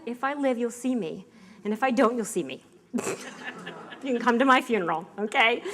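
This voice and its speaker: Woman, middle-aged, storytelling talk, lively, laughs often, acts out quotes, higher voice. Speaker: speaker telling her health story. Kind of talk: animated storytelling talk to an audience.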